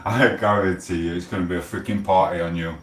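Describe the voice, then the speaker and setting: Bloke in his 40s ranting on a live stream, swears a lot, real low voice, echoey room far from the mic. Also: steady tone, quick pace. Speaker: livestream host. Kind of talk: casual livestream chat.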